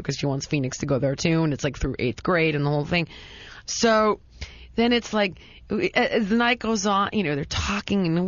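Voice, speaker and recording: Woman, casual storyteller, rambling, over-the-top self-mockery, lowish voice, dull dry recording. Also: lively intonation, moderate pace, dry recording. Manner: dramatic, rambling, self-mocking exaggeration. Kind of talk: casual anecdote.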